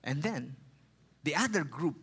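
A man's voice: animated, a little slow, vocal fry, breathy edge. A man from the Philippines with a Filipino accent, preaching a sermon in a conversational way. He often adds "okay?" and "you know" and repeats words for emphasis. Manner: drops quieter and lower when reading scripture. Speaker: pastor.

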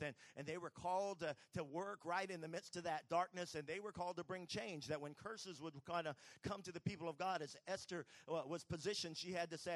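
A man preaching a sermon, telling Bible stories with animated voices for the characters. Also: high voice, no room sound.

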